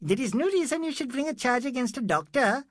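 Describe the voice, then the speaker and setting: A man doing a high, needling busybody. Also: very animated, a little fast, dry recording, studio quality, exaggerated voice. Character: meddling, spiteful male troublemaker.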